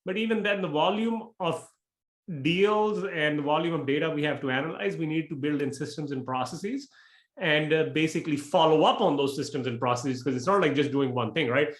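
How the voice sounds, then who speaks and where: A man giving frank, blunt interview answers as a real estate investor, talking in quick bursts. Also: a little high. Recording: echoey room.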